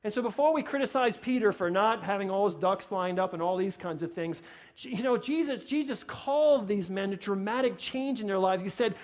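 Pastor, male, New York accent, fairly high voice, animated sermon delivery. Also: moderate pace. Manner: animated, repeats phrases when worked up.

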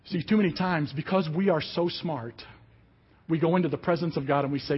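Pastor, male, husky higher voice, sermon with vivid storytelling, dull lo-fi audio. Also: fairly quick. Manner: animated storytelling, acts out quotes.

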